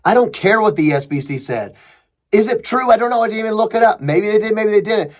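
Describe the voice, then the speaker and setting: Emphatic high-voiced man commenting. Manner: emphatic, sarcastic, mocking impressions of opponents. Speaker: podcast host. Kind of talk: opinionated commentary reading a thread.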